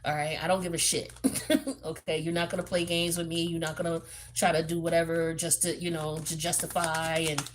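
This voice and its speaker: A woman with a fairly low voice gives a casual tarot reading in a blunt, profane, streetwise way. She talks like she's chatting with a friend, full of fillers and asides. A faint hiss sits under her voice. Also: flat delivery, brisk, few pauses. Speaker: tarot reader.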